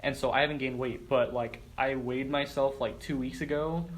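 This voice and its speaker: A man's voice: medium pitch, steady tone, normal speed. Young man, casual podcast chat, swears and laughs, faint hiss behind. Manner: laid-back, swearing, laughing storyteller. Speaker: podcast guest. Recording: faint background noise.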